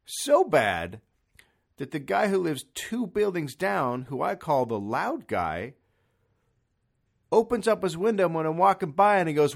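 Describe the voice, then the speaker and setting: A man hosting a podcast alone at home, ranting comically in an exasperated, profane way with sudden loud bursts. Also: fairly high pitch, big pitch swings, measured pace, gravelly. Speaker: podcast host. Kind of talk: solo comedic rant. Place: son's room in an apartment. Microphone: studio microphone.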